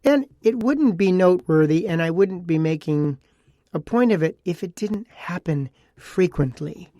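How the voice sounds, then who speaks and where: A man's voice: sits high, unhurried, warm tone, dry recording, clean studio sound. A man hosting a casual solo podcast. He talks in a chatty, rambling way, repeating phrases and adding asides. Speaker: podcast host.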